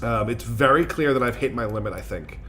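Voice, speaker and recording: A man's voice: mid-range voice, brisk, fairly bright tone, a little hiss or hum. A very tired man streaming a strategy game, chatting casually and rambling with lots of fillers and self-mocking asides. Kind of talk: casual gameplay commentary.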